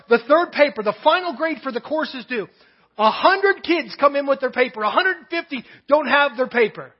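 A man with a strikingly high, husky voice preaches a sermon in church. He tells stories and lets his voice fall soft and low on the words he stresses. The recording is dull and lo-fi. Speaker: pastor. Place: church sanctuary.

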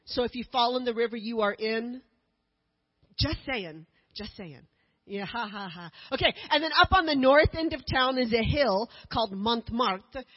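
A woman's voice: a little high, lively intonation, normal speed, dull audio. A woman giving a chatty slideshow talk as a missionary speaker to a church group, with joking asides. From United States.

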